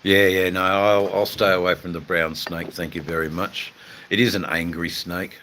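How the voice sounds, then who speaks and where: A man's voice: deep voice, level tone, moderate pace, pushed and bright, a little hiss or hum. An Australian man hosting a casual live chat with his viewers, laid-back and rambling, with lots of fillers and casual swearing. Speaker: livestream host chatting with viewers.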